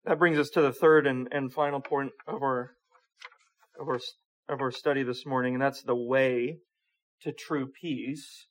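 A man's voice: medium pitch, steady tone, a little slow. A man preaching a conversational sermon, asking rhetorical questions and often repeating words as he goes.

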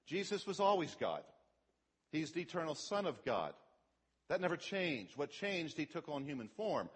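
A middle-aged male pastor delivers a sermon in a slightly husky, higher-than-usual voice. He teaches plainly, then pushes up hard and loud when he quotes the lines he wants to stress. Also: very animated, moderate pace. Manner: emphatic preaching, voice rising on quoted scripture.

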